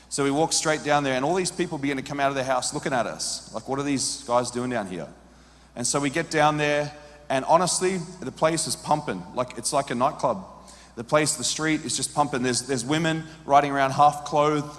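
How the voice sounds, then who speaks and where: An Australian man preaches in a storytelling style, slipping into the voices of the people in his story. His voice sits in a middling register. The sound carries a long reverb, as if he is recording in a large hall. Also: mid-range voice. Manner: animated storyteller, acts out quoted dialogue. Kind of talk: storytelling sermon.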